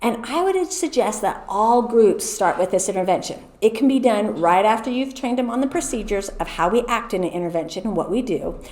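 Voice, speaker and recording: A middle-aged American woman explaining classroom routines to teachers in a clear, patient way, sounding out words slowly. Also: mid-range voice, expressive, darkish tone. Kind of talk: teacher training presentation. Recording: echoey room.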